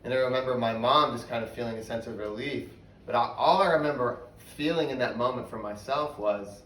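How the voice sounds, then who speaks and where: A young man gives a personal testimony, candid and storytelling, often sinking to a hushed voice for the hard parts. He sounds set back from the mic in a reverberant space. A faint ambience sits underneath. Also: mid-range voice, fairly quick, a little hiss or hum. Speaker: speaker giving a testimony. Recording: roomy, from a distance, faint ambience.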